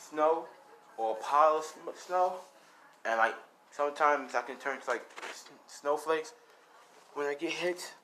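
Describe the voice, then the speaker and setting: A man's voice: slight background noise, low-quality recording. A man doing a brooding wendigo boy. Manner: low, quiet, flat mumble.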